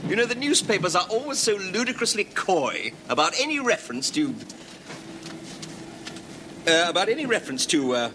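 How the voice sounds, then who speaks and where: A man hosting a comedy sketch show, talking in a halting, coy manner and fumbling for words. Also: sits high, big pitch swings, heavy background noise. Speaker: host. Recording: TV studio with audience and band.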